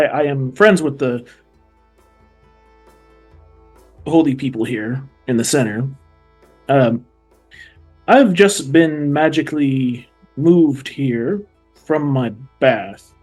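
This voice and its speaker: A man putting on a polite, halting voice for his stranded character, who stammers as he asks for help. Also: mid-range voice, a little mellow, slightly rough. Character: polite stranded young man asking wolves for directions.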